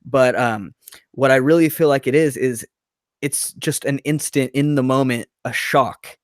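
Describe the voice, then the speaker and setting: A man's voice: medium pitch, a little slow, no room sound, studio quality. A man casually discussing a horror movie with friends on a podcast, acting out lines from scenes. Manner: animated, acts out movie lines. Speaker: podcast co-host.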